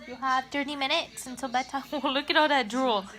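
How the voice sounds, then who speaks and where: A woman's voice: high-pitched, steady tone, a little fast, bright, forceful tone. A young woman vlogging at home, coaxing her baby to talk in a sing-song, laughing voice. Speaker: vlogger and mother. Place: at home, lying down indoors.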